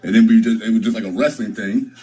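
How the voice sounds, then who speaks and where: A man's voice: lowish voice, fast, dark tone, low-quality recording. A young man streaming, telling a story in a rambling, profane way, full of restarts and fillers. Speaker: live streamer.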